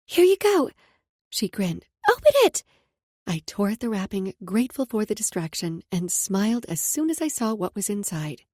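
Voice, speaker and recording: A woman's voice: medium pitch, warm tone, no echo. A woman narrating a romance audiobook in an intimate first-person voice that drops to a whisper in close passages.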